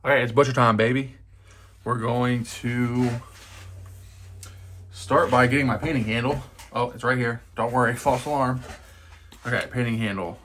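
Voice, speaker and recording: A man's voice: medium pitch, little pitch movement, unhurried, pauses often, fairly bright tone, a little hiss or hum. A young man chatting casually while he paints a miniature at his desk, thinking aloud and poking fun at himself. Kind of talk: casual narration over a painting session.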